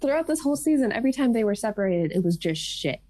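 A woman's voice: a little high, very animated, fast talker, warm tone. A woman co-hosting a casual chat about a TV show, filling her sentences with "like" and casual swearing. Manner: says "like" a lot and swears casually. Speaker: podcast co-host.

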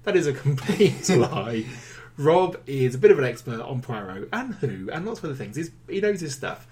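A man's voice: medium pitch, very animated, normal speed, darkish tone. A man co-hosting a film review podcast, chatting casually with a wry, teasing manner.

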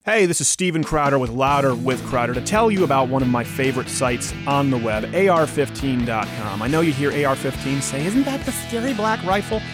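A man hosting a comedic political talk show, loud and sarcastic, sometimes shouting in mock voices. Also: medium pitch, animated, a little fast, few pauses, music in the background. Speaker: podcast host.

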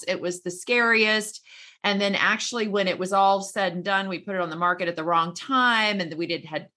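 A woman's voice: mid-range voice, pushed and bright. A middle-aged woman realtor talking as a podcast guest, enthusiastic and emotional, laughing easily. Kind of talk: casual interview chat.

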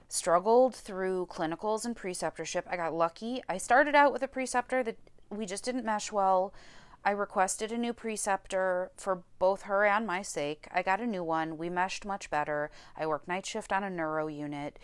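A woman's voice: mid-range voice, smooth, no echo. Candid woman telling her story, dry sound. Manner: emotional, swearing freely, close to tears. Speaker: podcast host.

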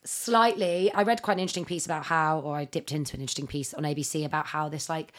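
A woman's voice: low voice, fairly even intonation, fast, a bit bright. A woman co-hosting a podcast, chatting casually and rambling with many fillers. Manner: rambling, lots of fillers and likes. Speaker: podcast co-host. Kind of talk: casual chat.

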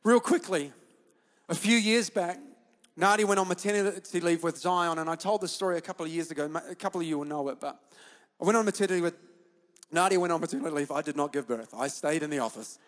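Male pastor, high-pitched, impassioned sermon that swings from confession to rallying the room; long church-hall reverb. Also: quick pace. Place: church auditorium.

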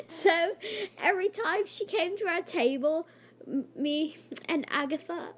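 High-voiced giggly young woman. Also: measured pace. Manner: giggly, animated storytelling. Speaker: podcast co-host. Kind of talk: casual chat.

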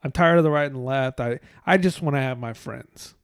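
A man's voice: medium pitch, moderate pace, smooth, no room sound. Guy rambling on, lots of cussing and filler, tired, dry close sound. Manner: rambling, profane, frequent fillers. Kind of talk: casual rambling monologue.

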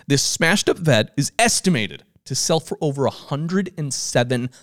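A man with a Southern US accent reads news items in a casual chat, laughing easily along the way. His voice sits slightly high, and the pitch moves around a lot. The sound is dry and close. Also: expressive, moderate pace, a bit bright, no room sound. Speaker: host reading news stories.

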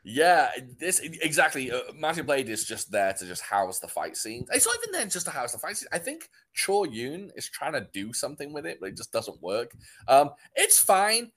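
A man's voice: a little high, huge pitch swings, moderate pace, a bit bright. A British man chatting casually as a podcast co-host, rambling with restarts and easy laughs. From Britain. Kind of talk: casual chat.

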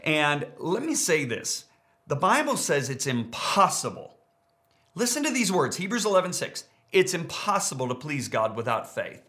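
A middle-aged pastor preaching a sermon, emphatic and repeating key words for stress. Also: male voice, on the high side, big pitch swings, normal speed, sharp tone.

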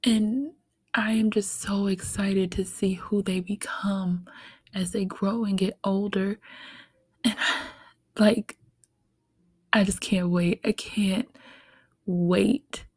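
Young woman talking slow and soft on her podcast, heartfelt, little laughs, dry close sound. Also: medium pitch, fairly even intonation, breathy edge, no room sound. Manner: heartfelt, soft-spoken, laughs between thoughts. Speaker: podcast host. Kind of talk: reflective solo podcast talk.

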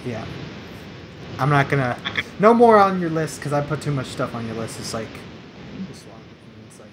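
A man's voice: fairly high pitch, big pitch swings, moderate pace, noisy background. A man co-hosting a casual late-night podcast, rambling and laughing as he tells stories. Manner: rambling, laughs often, mimics voices. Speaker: podcast co-host. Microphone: podcast mic.

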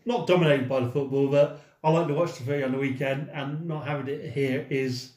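A man's voice: medium pitch, steady tone, a little fast, darkish tone. A man co-hosting a casual podcast, speaking in a mock-earnest way and tripping over repeated words. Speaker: podcast co-host. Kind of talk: casual chat. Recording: roomy, echoey room sound.

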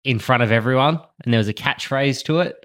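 A man hosting a casual chat, relaxed and laughing along. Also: mid-range voice, brisk.

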